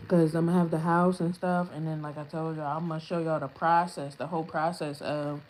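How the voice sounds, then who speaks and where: A woman's voice: lowish voice, a little mellow. A woman hosting a casual livestream, answering trolls in chat with brash, profane comebacks and frequent laughter. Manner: laughs often while talking. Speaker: livestream host.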